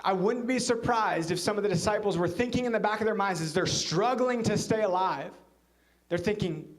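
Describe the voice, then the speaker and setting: Man preaching a sermon, high-pitched voice, storytelling, hushed low quoted lines. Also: fairly quick. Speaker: pastor. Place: church.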